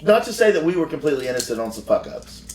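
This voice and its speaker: A man's voice: on the high side, sing-song, very fast, darkish tone, a little hiss or hum. A male wrestler casually telling a rambling, profane backstage story on a podcast. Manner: rambling, profane, frequent restarts. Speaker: professional wrestler. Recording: roomy sound from far off.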